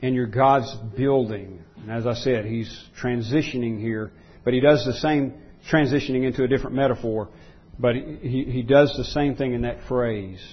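Husky-voiced man preaching emphatically. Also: medium pitch, moderate pace, muffled recording. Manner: emphatic preaching, repeats phrases for stress. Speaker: pastor. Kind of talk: sermon.

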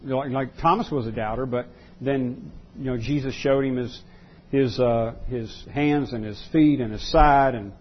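A man's voice: mid-range voice, steady tone, unhurried, lo-fi sound. A man preaching a sermon as pastor, repeating key words for emphasis and restarting his sentences often.

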